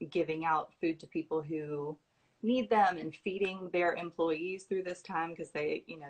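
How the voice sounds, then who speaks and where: A woman with a slightly low voice reads nominations aloud in a loose, chatty way. She stops for asides, says "um" often, and restarts her sentences as she hosts from home. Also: rough recording. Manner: warm, informal, reads nominations with asides and fillers. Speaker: host announcing scholarship recipients. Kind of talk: casual livestream talk.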